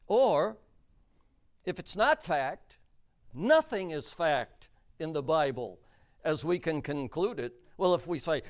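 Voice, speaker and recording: A man preaching a sermon, emphatic and deliberate, repeating key words for stress. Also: fairly high pitch, very animated.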